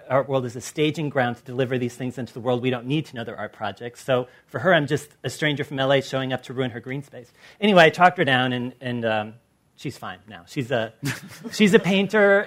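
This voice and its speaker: American man telling lively stories. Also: medium pitch. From Los Angeles. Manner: animated storyteller who acts out quoted people. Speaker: artist on a panel. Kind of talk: panel discussion.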